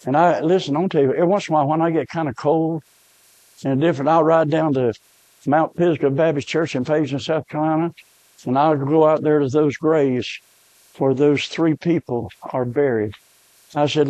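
A man's voice: a little high, fairly even intonation, moderate pace, mellow, no echo. A middle-aged man, preaching a sermon with emotional storytelling. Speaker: pastor.

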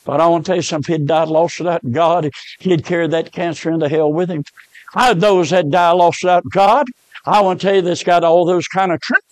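A man preaching an impassioned revival sermon, swinging from hushed lines to shouted repetitions. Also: a little high, fairly even intonation, brisk, dry recording, rough recording.

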